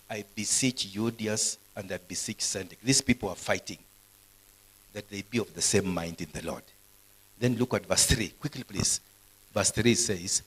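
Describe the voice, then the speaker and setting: Husky-voiced preacher, animated. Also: male voice, on the low side, poor audio. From Kenya. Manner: animated preaching, acts out stammers, swings loud and soft. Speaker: pastor. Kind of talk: sermon. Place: university hall, live service.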